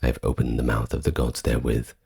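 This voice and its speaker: A man with an extremely deep, gravelly voice recites ancient scripture slowly and solemnly. His soft-spoken ASMR delivery is breathy and husky. Each archaic line is measured out with care. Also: monotone. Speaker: ASMR narrator reading ancient texts.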